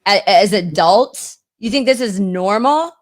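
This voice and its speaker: A woman's voice: medium pitch, lively intonation, a little slow. An upset woman hosting a live show, ranting with passionate indignation and repeating herself. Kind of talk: live-stream rant.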